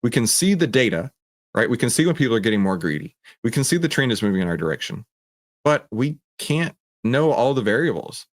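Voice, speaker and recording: A man hosting a casual livestream, talking in an animated, digressive way and often interrupting himself. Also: mid-range voice, brisk, no echo, studio quality. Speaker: host.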